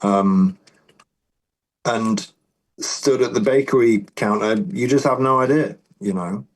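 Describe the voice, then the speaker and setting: A man's voice: mid-range voice, slow pace, low-quality recording. A British man, a musician guest, talking casually, rambling with many restarts. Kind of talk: casual interview chat.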